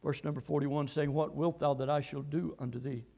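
A man preaches a sermon, quoting and reading scripture verses and repeating phrases as he swings between loud, high exhortation and low, quiet storytelling. His voice is steady in tone, brisk and creaky.

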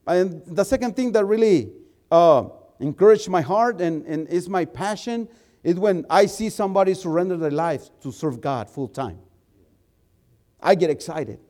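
A male preacher with a high voice, preaching and storytelling to his congregation. He is animated, stumbling over repeated words as his excitement builds. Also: moderate pace. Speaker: preacher and missionary. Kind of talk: sermon storytelling.

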